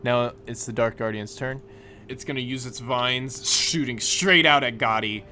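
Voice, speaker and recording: A man's voice: mid-range voice, measured pace, bright, forceful tone, a little hiss or hum. A man narrating a tabletop game as game master in a loose way with plenty of fillers.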